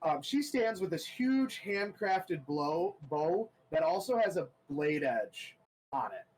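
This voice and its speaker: A man runs a tabletop game, narrating the scene slowly with lots of ums and restarts. His voice sits a little higher than most men's. There is a faint hiss of background noise. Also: big pitch swings, darkish tone, rough recording. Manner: halting, full of ums and restarts. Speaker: game master.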